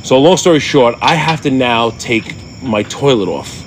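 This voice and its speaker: A middle-aged podcast co-host with a mid-range voice tells a story in casual chat at normal speed, with slight background noise. He swears freely and animatedly acts out what people said.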